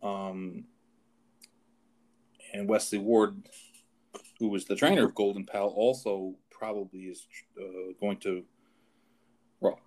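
A man with a fairly low voice hosts a casual horse racing talk show. He talks in a halting way, stacking fillers and restarting his sentences as he goes through the card. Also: little pitch movement, darkish tone. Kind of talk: casual chat.

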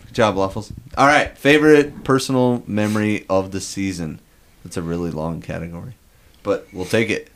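A man hosting a casual podcast in a fairly low voice. He keeps things brisk, throws in quick jokes, and moves the talk from one category to the next. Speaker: podcast host. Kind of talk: casual chat.

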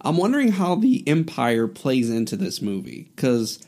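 A man co-hosting a casual chat, animated, acting out quoted lines and laughing often. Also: mid-range voice, moderate pace. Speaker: podcast co-host.

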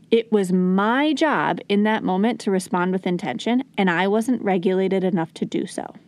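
A woman's voice: mid-range voice, darkish tone. A woman hosting a parenting podcast, talking earnestly and coaching, at times acting out soothing words to a child. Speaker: podcast host and parenting educator. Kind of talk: conversational teaching talk.

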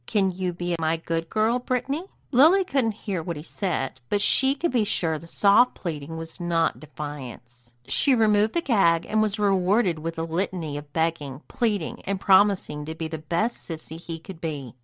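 A woman narrating an erotic story in a steady, even reading voice. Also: on the low side, normal speed, few pauses, no room sound, clean studio sound. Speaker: story reader.

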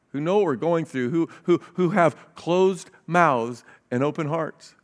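A man's voice: a little high, very animated, normal speed, few pauses. A man preaching a sermon as pastor, reading scripture aloud and speaking earnestly, often repeating words as he restarts.

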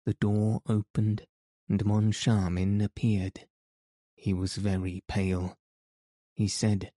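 Slow, low-voiced male narrator. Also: no echo. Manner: measured, even reading. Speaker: audiobook narrator. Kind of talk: scripted narration.

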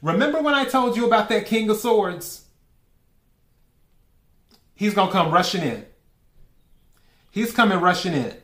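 A man's voice: sits high, lively intonation, a little slow, pauses often, a bit bright. A man giving a casual tarot reading, asking for cards politely and breaking into laughter often. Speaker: tarot reader. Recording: echoey room.

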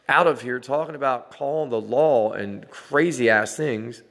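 A man's voice: medium pitch, measured pace, gravelly, few pauses, fairly bright tone, big-room sound. A man in his forties ranting casually to his viewers, blunt and full of swearing, laughing now and then. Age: 40s. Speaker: vlogger dad. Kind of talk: casual rant to camera.

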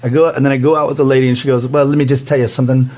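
A man co-hosting a podcast in casual chat, telling a story in an animated way and acting out quotes, with a lot of swearing. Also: mid-range voice, racing. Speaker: podcast co-host.

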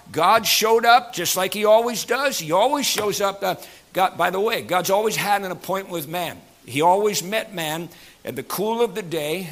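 A male pastor preaching a sermon to his congregation in a church, animated and folksy, with frequent fillers and jokes. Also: high voice.

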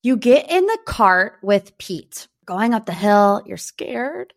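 A young woman from Northeast Ohio hosting a podcast, chatting about pop culture in a gossipy, animated way. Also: medium pitch, slow pace. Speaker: podcast host. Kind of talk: casual pop-culture chat.

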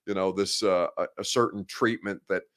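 A man's voice: low-pitched, steady tone, moderate pace, fairly bright tone. A man in his late twenties hosting a sports talk show from his office, chatting casually and bluntly with viewers. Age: 20s. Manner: blunt, candid, rambling. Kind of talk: casual live show chat, reading viewer comments.

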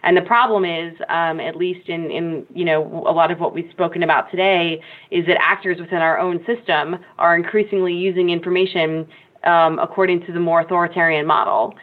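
A woman speaking as a guest expert in a panel discussion, measured and analytical, with frequent ums. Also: on the low side, steady tone. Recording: tinny phone-like remote line.

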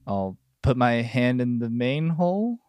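A man's voice: mid-range voice, big pitch swings, measured pace, a little mellow, smooth, no room sound. Playful man playing a tabletop game. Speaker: player.

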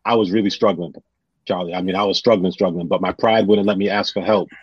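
A man telling personal stories on a podcast in an animated, casual way, often acting out what others said. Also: sits low, fast talker, breathy edge, dry recording. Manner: animated, retells scenes with quoted voices. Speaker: guest. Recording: dull lo-fi sound.

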